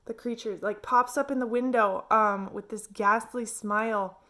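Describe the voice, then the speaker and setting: A woman's voice: on the high side, fairly even intonation, normal speed, bright, forceful tone. A woman reviewing a novel in casual, chatty talk full of filler words. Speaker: book reviewer. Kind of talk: casual chat.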